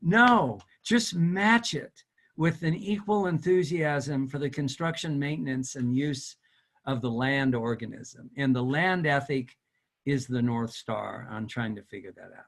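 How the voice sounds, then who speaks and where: A man's voice: medium pitch, a little slow. An older man, a retired professor, giving an earnest, exhorting talk over a video call. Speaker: guest speaker, retired professor.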